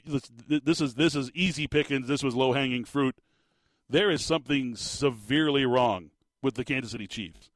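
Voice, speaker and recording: A man hosting a casual sports talk show, rambling and animated with lots of restarts. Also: medium pitch, dry recording. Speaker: sports podcast host.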